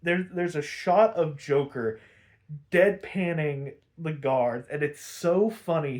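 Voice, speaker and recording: A man hosting a podcast, recapping an episode in a casual, rambling, animated way with a lot of swearing. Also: fairly high pitch, takes it slowly. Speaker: podcast host.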